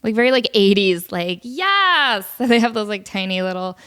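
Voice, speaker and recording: A woman's voice: mid-range voice, steady tone, fairly quick, smooth. A woman hosting a casual solo podcast from home, chatty and self-deprecating, with a cold. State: has a cold, sniffly. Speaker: podcast host.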